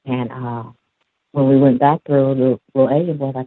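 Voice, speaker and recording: A man calling in, telling a story from his school job in a rambling, halting way with many fillers. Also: medium pitch, fairly even intonation, dry recording. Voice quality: gravelly, husky. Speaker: caller, school aide. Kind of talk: casual storytelling. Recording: dry, tinny phone line.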